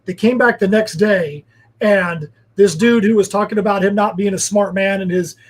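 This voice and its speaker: A man's voice: high voice, steady tone, moderate pace, rough recording. A man, a guest comic creator, telling rambling anecdotes in casual chat. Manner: rambling storyteller, filler-heavy.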